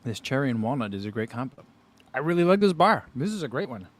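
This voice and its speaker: A man's voice: medium pitch, quick pace. Casual man chatting while tasting snacks. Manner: relaxed, chatty, talks while chewing. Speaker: running channel host. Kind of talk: casual livestream food tasting.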